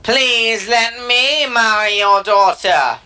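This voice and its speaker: A man voicing a male troll in a told fairy tale, pleading in a slow, drawn-out voice. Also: high-pitched, sharp tone, clean tone, pitched above the performer's own voice, full character voice.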